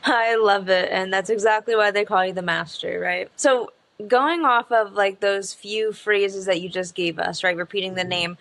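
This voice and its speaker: A woman's voice: medium pitch, fairly even intonation, normal speed, creaky, fairly bright tone. A woman co-hosting a podcast, asking long, friendly questions. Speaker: podcast co-host. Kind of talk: podcast interview.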